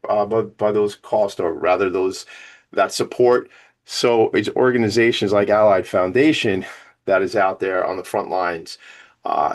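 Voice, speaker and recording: A man hosting a radio talk show, enthusiastic and rambling, a little out of breath from climbing to his attic studio. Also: fairly low pitch. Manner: enthusiastic, rambling, self-promoting. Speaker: podcast host.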